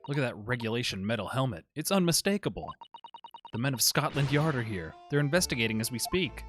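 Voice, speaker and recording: A man voicing a polite, excitable young female assistant, prim and easily awed, raising his pitch to play her. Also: fast talker, soft background music, natural voice.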